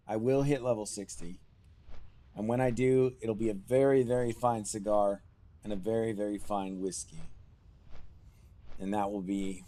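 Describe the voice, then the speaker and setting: A man's voice: lowish voice, mellow. A man livestreaming a game, chatting casually with viewers in a self-deprecating, laughing way, wearing headphones at a desk mic. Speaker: streamer.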